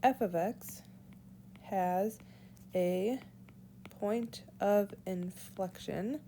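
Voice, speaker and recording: A woman teacher giving a whiteboard math lesson, walking through each step slowly and aloud. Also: medium pitch, dark tone, a little hiss or hum. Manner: slow, deliberate, walks through steps aloud. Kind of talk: whiteboard lesson explaining calculus.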